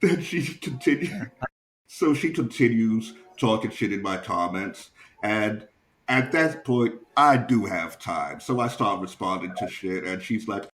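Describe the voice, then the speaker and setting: A man's voice: lowish voice, lively intonation, a little slow, fairly bright tone, echoey room, slight background noise. A young man and stand-up comedian, hosting a podcast and telling a profane anecdote in a casual, chuckling way.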